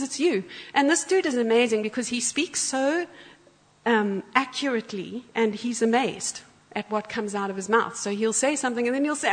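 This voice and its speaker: Woman guest preacher, animated storyteller, husky and echoing in a church. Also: fairly high pitch, moderate pace. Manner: animated storyteller, acts out quotes. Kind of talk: sermon with storytelling. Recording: church hall with long reverb.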